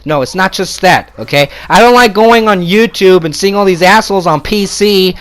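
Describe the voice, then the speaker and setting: A man's voice: on the high side, quick pace, hardly any pauses, fairly bright tone. Angry swearing man ranting. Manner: heated, swearing, repetitive, sarcastic. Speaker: gamer ranting on video. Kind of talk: angry profane rant. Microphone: console capture mic.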